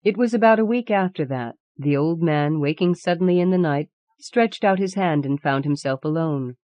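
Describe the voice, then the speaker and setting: Female audiobook narrator, low, measured, dry close recording. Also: darkish tone, no room sound, dull audio. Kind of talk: scripted narration of a horror tale.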